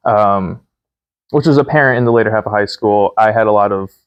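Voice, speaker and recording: A young man in his twenties with a fairly low voice, talking candidly and thoughtfully. He pauses often with ums as he works through his thoughts. The recording is dry and close, with no room sound. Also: clean tone, no room sound, lo-fi sound. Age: 20s. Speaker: podcast guest, son. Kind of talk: casual conversation.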